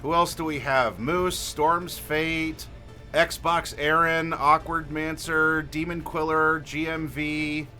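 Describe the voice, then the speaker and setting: A man hosting a livestream as game master, friendly and unhurried, asking chat for dice rolls and pausing with fillers. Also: fairly high pitch, steady tone, bright, forceful tone, faint music behind. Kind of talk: livestream character creation, talking to chat.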